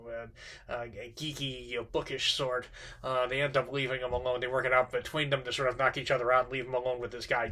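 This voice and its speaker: Middle-aged guy explaining a story to a class, bright sharp voice, lots of ums and restarts. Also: medium pitch. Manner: halting, many fillers and restarts. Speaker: teacher. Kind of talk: informal literature lecture.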